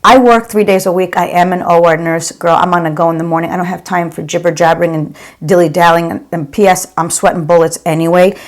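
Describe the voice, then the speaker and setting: A middle-aged woman and nurse reviewing her favorite makeup to camera in a gushing, chatty way, calling viewers "girl". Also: on the low side. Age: 40s or 50s. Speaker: beauty vlogger and OR nurse.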